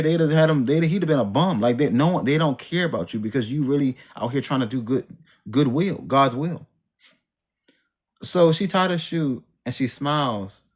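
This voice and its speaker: A man telling a personal story in a casual, rambling way, full of slang, restarts and trailing sentences. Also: mid-range voice.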